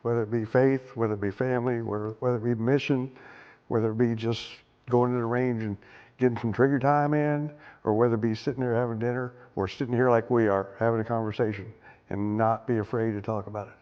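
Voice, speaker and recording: An older man talks plainly and earnestly in a relaxed round-table conversation. His voice is smooth and resonant, but the recording is dull and lo-fi, with a long hall reverb trailing each phrase. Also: medium pitch, quick pace. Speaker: discussion participant. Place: room with other men at a table.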